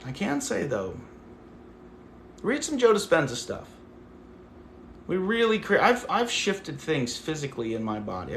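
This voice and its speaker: A man's voice: medium pitch, creaky, echoey room. A man hosting a casual livestream, talking to his viewers in a rambling, affectionate way full of "like". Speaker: livestream host.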